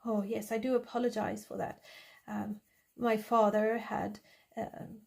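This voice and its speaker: A woman's voice: mid-range voice, little pitch movement, a little slow, creaky, a little mellow. A woman voicing a polite young man who delivers fish, talking courteously and apologetically.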